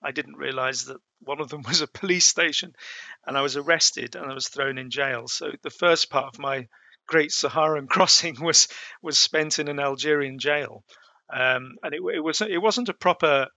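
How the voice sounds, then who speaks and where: A man's voice: a little high, moderate pace, bright, forceful tone, no room sound. A middle-aged man recounting his past travels as an interview guest, with frequent fillers and restarts. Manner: hesitant, many fillers and restarts. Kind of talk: storytelling in a conversation.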